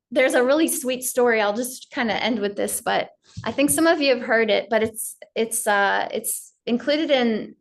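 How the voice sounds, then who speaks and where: A woman teacher giving a gentle, story-filled spiritual talk on yoga. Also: on the high side.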